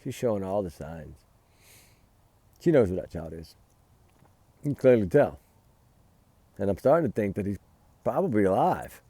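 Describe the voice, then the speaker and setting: A man's voice: lowish voice, sing-song, moderate pace, pauses often, dark tone, slightly rough, dry recording. A man giving heated, emphatic casual commentary as a vlogger, recorded outdoors by a fire at night. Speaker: true-crime vlogger.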